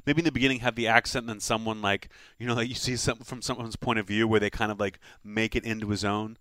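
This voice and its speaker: Fast-talking joking male co-host. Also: lowish voice, level tone, fairly bright tone, no echo. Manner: rambling, joking riffs. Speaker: podcast co-host. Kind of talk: casual comedic chat.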